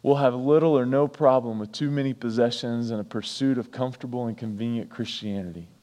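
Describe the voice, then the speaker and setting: A pastor preaching a sermon, repeating key lines for emphasis and breaking off for chatty asides. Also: male voice, mid-range voice, fairly quick, dark tone, in a large hall.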